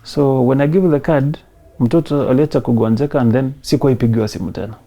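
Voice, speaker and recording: A man in his thirties with a Kenyan accent, telling his personal story in an emotional, soft-spoken way and mixing in Swahili phrases. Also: medium pitch, fast talker. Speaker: interview guest.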